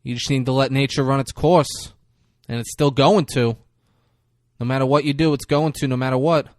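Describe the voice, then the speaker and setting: Give me a man playing a calm, menacing male stalker with a dry sound. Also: mid-range voice, normal speed, no room sound, close to an everyday voice. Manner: calm, then screaming.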